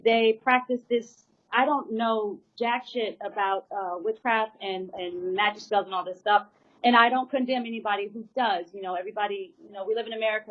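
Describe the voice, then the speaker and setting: A woman telling an emotional personal story as an interview guest, rambling with many fillers and repeated words. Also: mid-range voice. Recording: tinny phone-like line.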